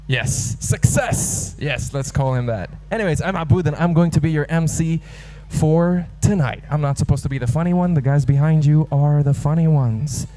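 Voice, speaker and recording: A man's voice: a little high, brisk, few pauses, faint music behind, rough recording. A young man emceeing a live comedy show, joking playfully and hyping up the crowd before he introduces the acts. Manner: playful, hypes the crowd, loud and rising when introducing acts. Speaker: master of ceremonies. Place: live comedy venue with audience.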